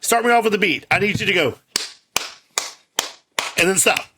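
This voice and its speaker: A man co-hosting a movie podcast, chatting in a jokey, animated way and laughing often. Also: high voice, normal speed, noisy background. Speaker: podcast co-host. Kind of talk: casual movie chat.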